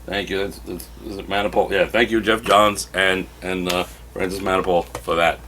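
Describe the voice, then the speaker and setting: A man reviewing comic books in a casual, animated way, now and then acting out characters' lines. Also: sits low, normal speed, slight background noise.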